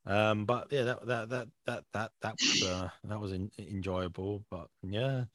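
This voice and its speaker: Young English man, podcast co-host, loose rambling storyteller, lowish voice. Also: measured pace, a bit bright, no echo. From England. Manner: rambling, repeats words, laughs at his own stories. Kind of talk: casual chat.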